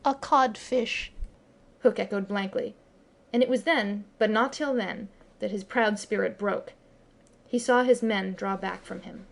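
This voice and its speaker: A woman narrating a classic children's story as an audiobook reader, with expressive storytelling. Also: medium pitch, a little slow, creaky. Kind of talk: scripted narration.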